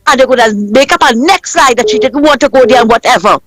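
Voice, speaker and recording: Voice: mid-range voice, quick pace, a bit bright, no room sound, poor audio. A caller with a Trinidadian accent speaking earnestly on a radio call-in show.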